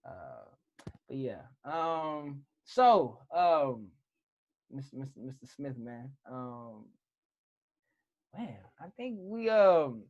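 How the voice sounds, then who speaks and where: A podcast co-host with a very lively, up-and-down voice, telling stories in loose, slangy chat. The pitch sits in the middle. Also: extremely slow, long pauses, lo-fi sound. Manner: animated storytelling, slangy. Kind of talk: casual chat.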